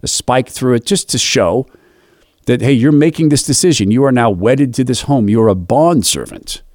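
A man's voice: mid-range voice, moderate pace, dry recording, clean studio sound. A man leading a youth Bible study, telling a story in a reflective, devotional way and acting out the dialogue. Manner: animated, acts out quoted dialogue.

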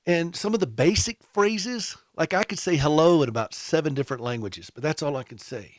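A man's voice: fairly high pitch, animated, brisk, no echo, clean studio sound. A man hosting a radio show, talking earnestly and conversationally to caregivers. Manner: earnest, conversational, with frequent restarts. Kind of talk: casual radio talk to caregivers.

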